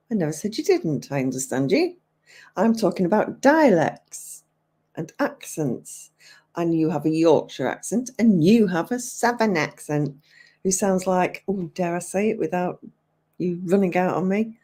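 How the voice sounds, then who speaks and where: A low, mellow English woman in her fifties chats easily on a livestream. She takes her time, answering viewers' comments aloud and laughing often as she goes. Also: lively intonation, unhurried, husky. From England. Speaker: livestream host. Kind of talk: casual chat with viewers.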